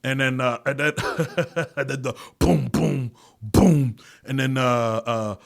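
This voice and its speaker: A man hosting his own podcast alone, rambling and swearing, laughing often and losing his words, swinging between loud bursts and quiet mutters. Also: mid-range voice, steady tone, unhurried, smooth. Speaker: podcast host. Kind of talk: casual solo monologue.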